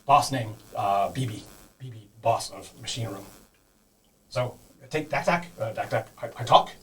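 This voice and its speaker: A man voicing a timid male kobold who speaks in halting, broken phrases, eager to please. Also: medium pitch, distant mic, natural voice, poor audio.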